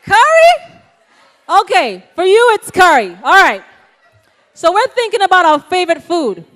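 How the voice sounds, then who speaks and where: Woman motivational speaker, high voice, animated, calls out to the crowd. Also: normal speed. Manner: animated, asks the audience questions, calls out "yes, yes?". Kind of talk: lively motivational talk to a youth audience. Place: ceremony hall.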